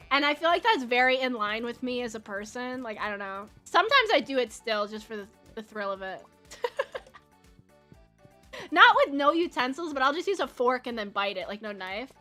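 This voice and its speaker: A young woman chats with her stream audience in a high, very lively voice, bright and forward in tone. She giggles often and talks with her mouth full now and then. Soft game music plays faintly underneath. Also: moderate pace, long pauses. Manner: giggly, chatty, talks while eating. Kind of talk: casual chat while playing.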